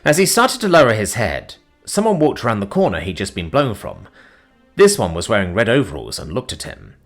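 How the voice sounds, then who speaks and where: A man reads a science fiction story in a dramatic audiobook style. His low voice rises and falls in a very animated way. Soft music plays beneath the narration. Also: fairly quick. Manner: dramatic, expressive.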